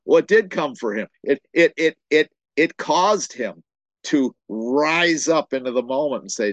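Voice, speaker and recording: A man's voice: mid-range voice, lively intonation, moderate pace, no room sound, muffled recording. A man preaching a sermon as pastor, impassioned, often repeating words as he builds to a point.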